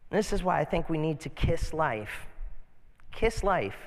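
Fifties pastor guy preaching, high voice, folksy rambling asides, big echoey church hall. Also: big pitch swings, unhurried. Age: 50s. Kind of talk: sermon. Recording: long reverb of a large hall.

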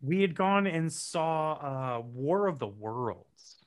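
A man in casual podcast chat, telling an animated story with laughs in between. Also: fairly high pitch, slow.

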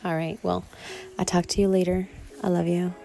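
Woman vlogger, casual heartfelt monologue, low gravelly voice, rambling. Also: little pitch movement, normal speed, low-quality recording. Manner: rambling, warm and reflective, with laughs.

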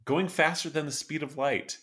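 A man's voice: on the high side, steady tone, normal speed, fairly bright tone. A man co-hosting a casual podcast chat about songs, an enthusiastic storyteller who laughs often. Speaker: podcast co-host.

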